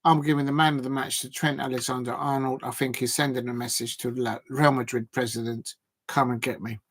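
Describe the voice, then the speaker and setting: A man's voice: medium pitch, flat delivery, a little fast, a bit bright. A man, hosting a football livestream and chatting casually with viewers, rambling and thinking aloud with plenty of fillers. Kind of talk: casual live chat reacting to viewers.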